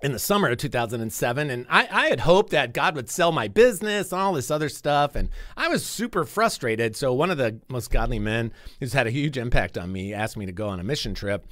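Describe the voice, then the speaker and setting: A middle-aged man hosting his radio show from the studio, talking earnestly in a casual, rambling flow and repeating himself as he restarts his sentences. His voice sits at an ordinary pitch and sounds close and dry, with no room around it. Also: expressive, brisk, few pauses, a bit bright, dry recording. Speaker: radio host.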